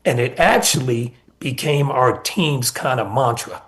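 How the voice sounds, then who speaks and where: A middle-aged man speaks as a former basketball coach, earnestly recounting stories from past seasons. He repeats his key points for emphasis and builds his answers in steady runs. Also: mid-range voice, measured pace. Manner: earnest storytelling with emphatic repetition. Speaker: former college basketball assistant coach, guest. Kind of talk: sports radio interview.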